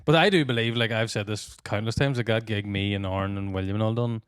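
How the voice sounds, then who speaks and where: A man with a Tyrone-Fermanagh Northern Irish accent hosting a podcast as a comedian, sweary and quick to laugh. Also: fairly low pitch, smooth, no echo, studio quality. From Northern Ireland (Tyrone and Fermanagh). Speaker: podcast host, stand-up comedian. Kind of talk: casual podcast banter.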